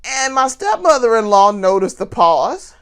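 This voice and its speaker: High, lively woman telling a story. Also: measured pace, smooth. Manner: animated, laughing storyteller; talks straight to viewers. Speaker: vlogger. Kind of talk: casual storytelling to camera.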